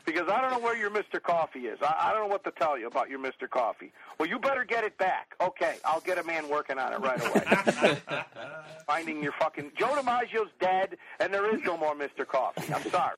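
A man's voice: on the high side, lively intonation, brisk, fairly bright tone, a little hiss or hum, rough recording. Profane, rambling man. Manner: profane, rambling, comic rants. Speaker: podcast guest. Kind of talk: profane storytelling chat.

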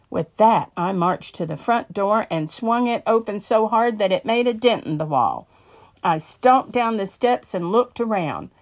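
A woman narrating a story in a measured, earnest way. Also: mid-range voice, expressive.

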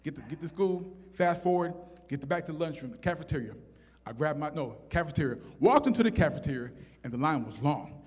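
A man telling a comic story on stage, animated and acting out voices. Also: on the high side, quick pace, husky. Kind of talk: stand-up story. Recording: hall with long reverb.

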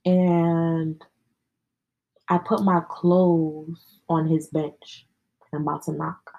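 A woman's voice: low-pitched, little pitch movement, extremely slow, gravelly, mellow, highs cut off. A young adult woman hosting a podcast, telling personal stories in a slangy, candid, casual way with plenty of swearing. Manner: slangy, candid, sprinkled with profanity. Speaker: podcast host. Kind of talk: casual storytelling chat.

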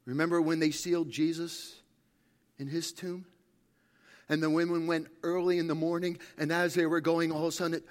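A man preaching a sermon as pastor, swinging between shouted peaks and hushed, intimate passages. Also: fairly high pitch, little pitch movement, normal speed.

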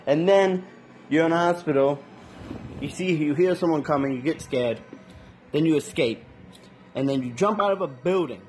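A man casually reviewing an anime episode in loose, slangy talk, with lots of restarts and animated reactions. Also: on the high side, moderate pace, pauses often, faint music behind.

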